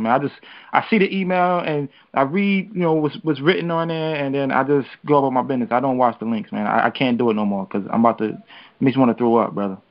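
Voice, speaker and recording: A man speaking casually on a call-in radio show, rapid and loose, dropping "man" after nearly every phrase. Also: mid-range voice, muffled recording.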